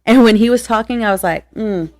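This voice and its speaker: An American woman co-hosting a casual book podcast, chatty and quick to laugh, often restarting her sentences. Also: fairly high pitch, steady tone, darkish tone, dry recording. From United States. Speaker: podcast co-host. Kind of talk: casual chat about audiobooks.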